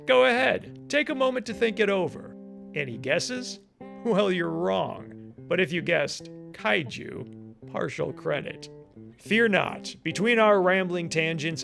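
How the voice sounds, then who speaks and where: A male podcast host with a higher voice that grinds into a gravelly fry. He delivers a wry, teasing intro and joking banter, with faint guitar music behind him. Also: fairly bright tone. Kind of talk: casual chat and scripted intro.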